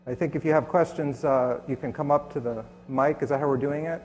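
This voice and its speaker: A man's voice: mid-range voice, steady tone, fairly quick, darkish tone, soft background music. A man giving a conference presentation with sardonic, dry humor in a hotel conference hall. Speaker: conference speaker. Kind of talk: presentation talk. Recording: long hall reverb in a conference hall.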